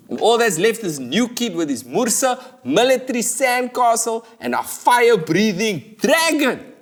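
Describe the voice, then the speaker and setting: Animated South African man doing comedy. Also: high voice, normal speed. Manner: animated, jokey, swings between voices. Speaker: comedian host. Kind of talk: comic monologue.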